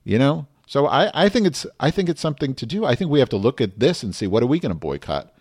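A man's voice: medium pitch, big pitch swings, fast talker, a little mellow, husky, no echo, clean studio sound. A man hosting a podcast, ranting in a profane, emphatic and heated way, then turning to casual show chat. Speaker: podcast host. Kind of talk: impassioned rant and show chat.

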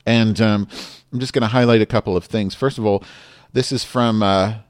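A man's voice: fairly low pitch, steady tone, normal speed, smooth, no room sound, studio quality. A man ranting furiously about politics in a profane, rambling way, often correcting himself mid-sentence. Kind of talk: angry profane political rant.

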